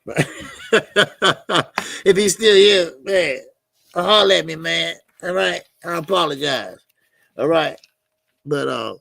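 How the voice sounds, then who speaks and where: A man's voice: a little high, gravelly, bright, forceful tone, no room sound. A man hosting a casual boxing live stream, rambling loosely, repeating himself and answering the chat. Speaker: boxing channel host.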